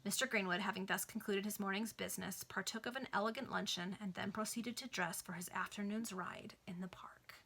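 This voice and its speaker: A woman's voice: medium pitch, fairly even intonation, brisk, vocal fry, few pauses, pushed and bright. A woman casually reading a classic novel aloud to friends over a video call, narrating plainly and adding offhand asides. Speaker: reader.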